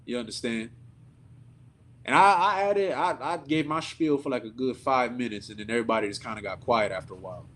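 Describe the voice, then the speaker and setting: A man preaching at a service, telling a story in an animated, indignant, conversational way. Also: medium pitch, fairly quick. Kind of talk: sermon storytelling.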